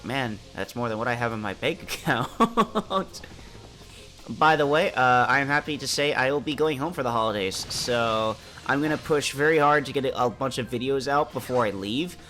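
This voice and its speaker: A man with a stuffy, congested voice talks through his gameplay in a relaxed, chatty way, explaining each step as he goes. His tone is bright and sharp despite the cold, and faint music plays underneath. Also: medium pitch, normal speed. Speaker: gameplay commentator. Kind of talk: casual let's-play commentary.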